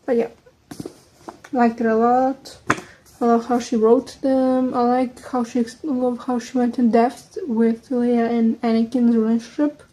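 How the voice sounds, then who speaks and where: Casting: young woman, non-native English speaker with an American lean, slightly high, mellow voice, quick casual vlog chatter with soft asides. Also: level tone, a little hiss or hum, poor audio. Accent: American-leaning English, second language. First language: not English. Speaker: book vlogger. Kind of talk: casual chat.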